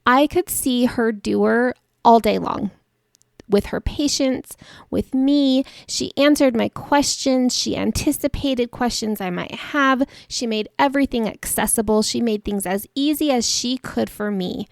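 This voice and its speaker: Chatty woman with gravelly fry. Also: a little high, unhurried, no room sound, studio quality. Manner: chatty and warm-humored, laughs at herself. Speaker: podcast host. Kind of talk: personal storytelling monologue.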